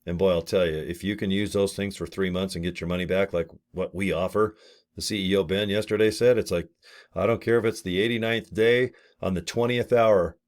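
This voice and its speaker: A fiftysomething network marketing affiliate, late fifties, speaks casually to camera about a business opportunity. His voice sits low and steady and moves fairly quickly, and he's folksy and blunt, tossing in mild swearing and rambling asides.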